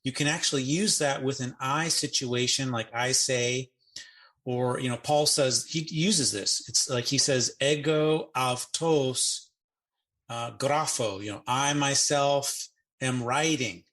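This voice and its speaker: A man co-hosting a grammar podcast in an easygoing, explanatory way. He walks through word forms slowly and adds playful jokes. His voice sits at a middle pitch. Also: bright, forceful tone. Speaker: Greek grammar podcast co-host. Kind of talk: casual teaching chat. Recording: podcast audio.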